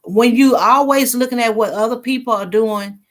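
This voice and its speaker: This middle-aged livestream host speaks with a drawl in a fairly high voice at a moderate pace. She keeps the live chat casual and chatty, laughing readily and reading her viewers' comments aloud.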